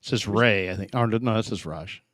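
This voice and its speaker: A middle-aged man hosts a casual sports talk show and spins stories with lively swings in pitch. He slips into quoted voices as he goes. The sound is dry and close, with no room around it. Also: moderate pace, no room sound. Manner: animated storyteller, acts out quoted voices.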